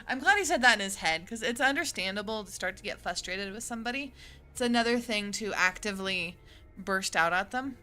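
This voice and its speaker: A woman's voice: medium pitch, lively intonation, a little fast, pushed and bright, soft background music. An American woman streaming a game, reading a visual novel aloud and chatting in a playful, rambling way between lines. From United States. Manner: playful and rambling, laughs often.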